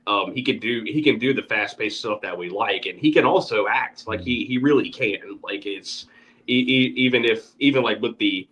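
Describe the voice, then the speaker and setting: A low-pitched man with a bright, forceful tone talks haltingly, restarting his sentences. It is casual podcast conversation. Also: poor audio. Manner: hesitant, repeats his words. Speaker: podcast host. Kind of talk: casual chat.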